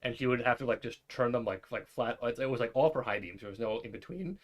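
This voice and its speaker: A man's voice: mid-range voice, fast. A young man co-hosting a casual talk show, telling a rambling, profane story and acting out the voices of the people in it. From New York area. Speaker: podcast co-host.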